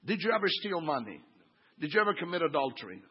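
A pastor in his fifties preaching a sermon, swinging from quiet asides to loud exclaiming. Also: on the high side, big pitch swings, fast talker, husky, muffled recording. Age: 50s.

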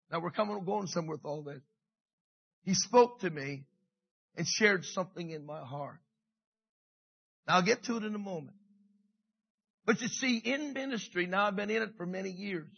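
A middle-aged man preaching a sermon with passion, dropping to a hush and rising again, repeating his phrases. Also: sits high, gravelly, breathy edge, lo-fi sound. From Canada. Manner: passionate, swings from hushed to loud, repeats phrases. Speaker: pastor.

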